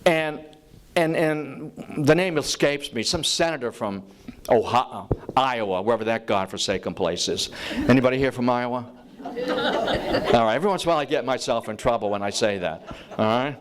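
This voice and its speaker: Animated man giving a history talk. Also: medium pitch, normal speed. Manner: animated storyteller, joking with the room, acting out quotes. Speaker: lecturer on presidential history. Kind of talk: public talk to a live audience.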